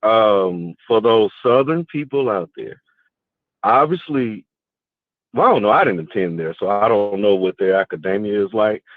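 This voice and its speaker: A man calling into a sports show, slowly making his point with leading questions. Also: lowish voice, lively intonation, dry recording. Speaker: caller. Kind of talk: call-in debate. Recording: tinny dry phone line.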